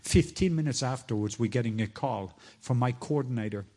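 A middle-aged man preaching, telling a personal story in a sermon, sometimes soft and hushed, and rising high when he quotes others. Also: a little fast.

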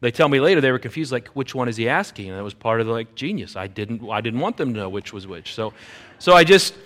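A middle-aged man preaching a sermon, leading into his point through an animated personal story. His voice sits in an ordinary middle pitch. He moves between plain narration and acted-out quotes of the people in the story. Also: fast. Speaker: pastor.

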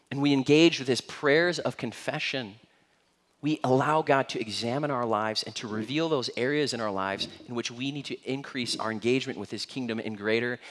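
A young adult man preaching a sermon as pastor, conversational and animated, acting out everyday moments. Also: fairly high pitch, big-room sound.

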